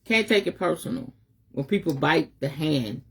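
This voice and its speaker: Her voice is low, gravelly, a bit bright and breathy, and very expressive, moving at a moderate pace. This middle-aged spiritual advisor preaches a fiery, emphatic live message in African American Vernacular English, cursing freely along the way.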